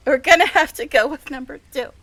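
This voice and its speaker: A woman's voice: high voice, brisk, sharp tone, no echo. A woman streamer giving casual gameplay commentary, gushing and dramatic, laughing often. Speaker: game streamer.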